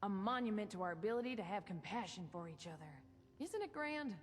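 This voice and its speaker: A woman's voice: medium pitch, lively intonation, brisk, big-room sound, lightly acted. A woman playing a folksy Southern refuge keeper. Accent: American Southern. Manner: folksy, warm-spirited persuasion. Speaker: game character.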